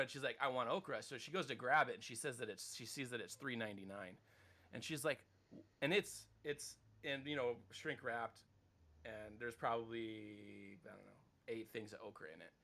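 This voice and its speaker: A man in his thirties talks loosely on a podcast, with a gravelly, bright voice that carries his rambling stories. He swears offhandedly and keeps it animated. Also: medium pitch. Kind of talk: casual podcast chat.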